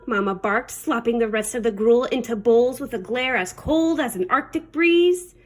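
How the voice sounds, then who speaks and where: A woman's voice: fairly high pitch, moderate pace, few pauses. A woman librarian reading a children's picture book aloud, with playful pirate talk. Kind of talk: storybook read-aloud.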